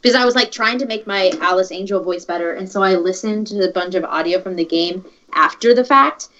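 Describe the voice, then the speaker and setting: A woman's voice: medium pitch, brisk, sharp tone. A woman voice actor in casual livestream chat, candid and self-critical, talking from home on an online call. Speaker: voice actor in a dub group. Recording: dull lo-fi mic.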